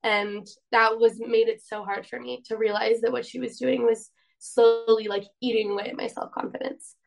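A young woman from Poland shares a personal story, earnest and a bit rambling, leaning on "like" a lot. Her voice sits a little high for a woman. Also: little pitch movement, moderate pace, creaky, rough recording. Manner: earnest, rambling, heavy use of "like". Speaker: guest.

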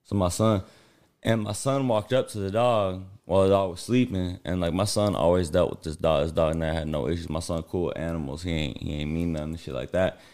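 A low-voiced man hosts a studio podcast and tells a story from his own life. He talks bluntly and profanely, stopping to fill in backstory as he goes. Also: a little mellow. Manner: blunt, profane, rambling with quick asides. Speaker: podcast host. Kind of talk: casual storytelling.

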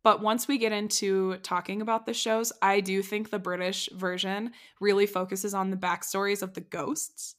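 A woman co-hosting a podcast, playful and quick to laugh, prompting her partner in casual chat. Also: medium pitch, level tone. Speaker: podcast co-host.

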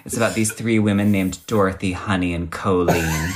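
A man's voice: sits low, steady tone, normal speed, few pauses. A man hosting a podcast, telling stories in a campy, theatrical way during a casual chat. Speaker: podcast host.

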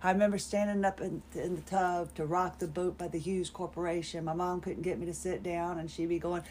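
Woman, fifties, lowish voice, rambling wry storyteller, podcast host. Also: steady tone, a little fast, few pauses, darkish tone, slight background noise. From North Carolina, USA. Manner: rambling, wry, self-deprecating. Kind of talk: personal storytelling monologue.

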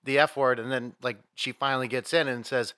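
A man's voice: mid-range voice, fairly even intonation, a little fast, pushed and bright, no room sound, clean studio sound. A man co-hosting a podcast, telling a story in a rambling casual way and acting out the quotes. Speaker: podcast co-host. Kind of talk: casual chat.

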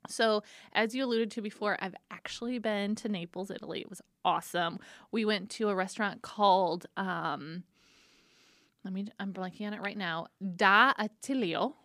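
A woman's voice: mid-range voice, fairly even intonation, moderate pace, no room sound. Playful chatty woman, dry close sound. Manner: playful, teasing, chatty with fillers. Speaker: co-host presenting pizza facts. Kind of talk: casual podcast chat.

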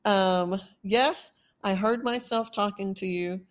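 A woman's voice: mid-range voice, takes it slowly. A woman with a Texan accent hosting a podcast, giving an urgent, earnest motivational monologue that rambles with fillers. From Texas. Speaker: podcast host.

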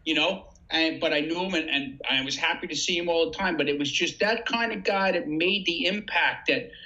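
Blunt New man, bright voice. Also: on the high side, brisk. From New York. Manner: blunt, matter-of-fact. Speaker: podcast guest. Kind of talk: casual conversation. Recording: dull lo-fi sound.

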